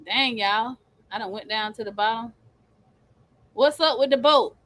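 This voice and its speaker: A middle-aged woman co-hosting a livestream with her husband, emphatic and quick with churchy affirmations. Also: fairly high pitch, a bit bright. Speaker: co-host, the host's wife. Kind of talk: casual livestream chat.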